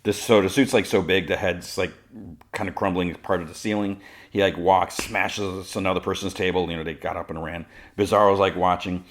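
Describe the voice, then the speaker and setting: A man's voice: low-pitched, fairly even intonation, brisk. A man hosting a podcast, casually recapping a cartoon episode with lots of filler words. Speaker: podcast host.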